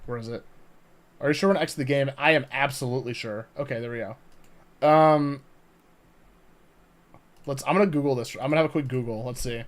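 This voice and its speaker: A young man chatting live on a game stream, excitable and swearing, laughing often and talking to his chat. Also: medium pitch, fairly quick, pauses often.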